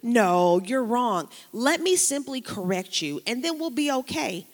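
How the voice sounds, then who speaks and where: A woman pastor preaching a sermon, moving between lively preaching, casual slang and quiet personal storytelling. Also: a little high, measured pace, big-room sound.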